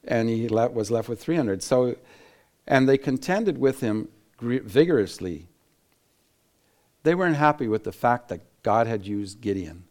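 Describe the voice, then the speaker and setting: An animated man teaching the Bible as a sermon, with a mid-range voice. He breaks into laughter and acts out what people said, restarting his sentences often. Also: medium pitch, unhurried. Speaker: preacher.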